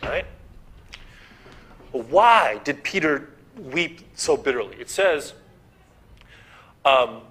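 A man's voice: mid-range voice, animated, drawn-out words, pauses often, a bit bright, a little hiss or hum. A man preaching a sermon in a church, posing rhetorical questions, repeating key phrases and restarting words.

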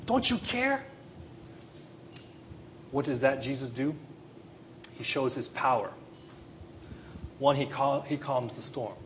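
An impassioned male preacher delivering a sermon in a church, his voice swelling into loud, pleading questions and then sinking low and hushed. He sits at an ordinary middle pitch, with a faint hiss of noise behind him. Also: steady tone, unhurried, pauses often. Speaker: pastor.

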